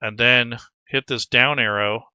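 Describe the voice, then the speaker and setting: A man's voice: mid-range voice, steady tone, a little slow, bright, forceful tone, smooth, dry recording, lo-fi sound. A man talking casually through a tabletop game prep tutorial, rambling with frequent restarts as game master. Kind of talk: screen-recorded tutorial.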